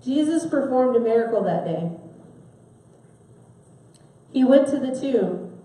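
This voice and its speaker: Woman, sermon, mellow voice, very echoey hall, far from mic. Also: high voice, lively intonation. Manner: asks the listeners questions, stresses words with soft pauses. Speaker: preacher.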